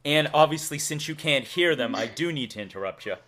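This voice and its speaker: Massachusetts man with a lively voice. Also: fairly high pitch, fairly quick. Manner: playful, laughs often, reads out donations. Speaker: streamer host. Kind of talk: casual live-stream chat.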